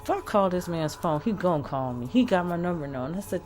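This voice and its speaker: A woman vlogger telling a personal story to the camera in a chatty, expressive way, talking straight to her viewers. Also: on the low side, fast talker, soft background music.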